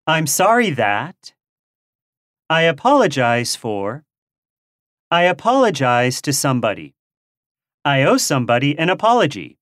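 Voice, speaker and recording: A woman slowly and carefully reading English lesson phrases aloud. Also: low-pitched, dry recording, studio quality. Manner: slow, careful, expressive reading of drill phrases. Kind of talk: slow, clearly read language-lesson phrases.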